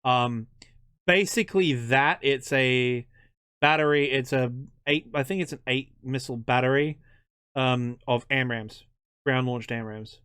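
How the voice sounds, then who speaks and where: This Australian man runs a history channel and talks casually in an interview, self-deprecating and joking, often stopping to restart. His medium-pitched voice is a bit bright, clear and resonant, captured as clean studio sound without any room sound.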